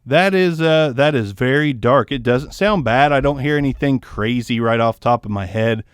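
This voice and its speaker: A man's voice: medium pitch, moderate pace, clean tone, dry recording, clean studio sound. A man casually reviewing a microphone at his desk, rambling and joking about himself, keeping a Southern US accent toned down. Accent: tones down a Southern US accent. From American South. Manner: rambling, joking, self-deprecating. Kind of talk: casual mic test review. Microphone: ribbon microphone, close and moved around.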